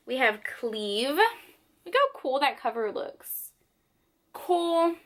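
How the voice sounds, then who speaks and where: Bright-voiced young woman book vlogger. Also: high voice, very animated, extremely slow. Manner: chatty, rambling. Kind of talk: casual vlog chat. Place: home, sitting on the floor.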